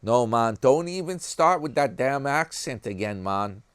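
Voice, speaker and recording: A man's voice: mid-range voice, lively intonation, unhurried, clear, resonant tone, dry recording, studio quality. A man with a New York accent chatting casually to his viewers, rambling from one thing to the next and calling them "guys" and "man". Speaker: YouTube commentary vlogger.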